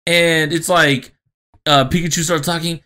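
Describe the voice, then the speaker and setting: A man co-hosting a podcast in crude, casual chat, excitable and swearing, laughing often. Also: a little high, unhurried. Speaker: podcast co-host.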